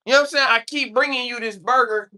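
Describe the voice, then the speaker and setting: Fast and steady in tone, this medium-pitched voice comes across pushed and bright. It belongs to a livestreamer rambling casually, checking in with the audience and repeating "you know what I'm saying" again and again.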